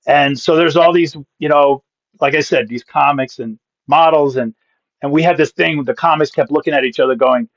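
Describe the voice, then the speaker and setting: A man in his fifties with a slightly high voice tells a comic story as a podcast guest, punchy and full of quick asides. His voice comes through a dull, lo-fi recording. The sound is dry, with no room around it. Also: no room sound. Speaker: guest, pastor and comedian.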